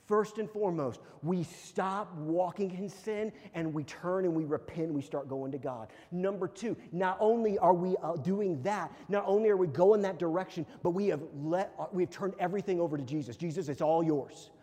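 A man preaching a sermon as pastor, his voice sitting high for a man. He talks in an animated way and keeps checking in with his listeners. His words ring out with a long reverb in a church hall. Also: moderate pace, few pauses. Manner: animated, repeats "okay?" to check in.

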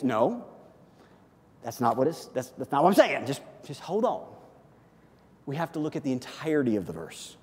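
A man preaching a sermon as a pastor, conversational and animated, often checking in with "okay?". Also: fairly high pitch, normal speed, pauses often. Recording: long hall reverb.

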